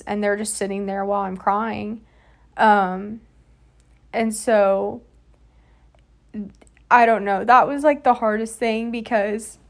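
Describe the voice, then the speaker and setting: A woman in her twenties hosting a podcast, telling a personal story in a soft, halting way with many fillers. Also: mid-range voice. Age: 20s. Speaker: podcast host.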